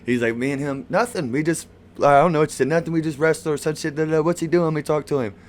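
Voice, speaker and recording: A man's voice: a little high, quick pace. A man with a slightly raised voice, telling a rowdy, profane story and laughing often as he goes. He sounds like a podcast co-host chatting casually with friends. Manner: rowdy, profane, laughs through his stories.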